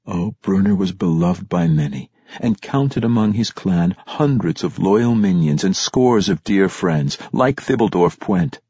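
A man reads fantasy narration in a measured, steady manner, lifting into dramatic emphasis on key phrases. His voice is low and husky, recorded close and dry with a dull, lo-fi sound. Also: no echo. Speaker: audiobook narrator.

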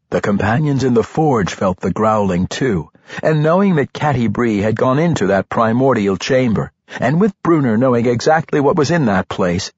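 A man reading fantasy narration for an audiobook in an expressive, dramatic way. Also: medium pitch, slightly rough, no room sound, dull audio.

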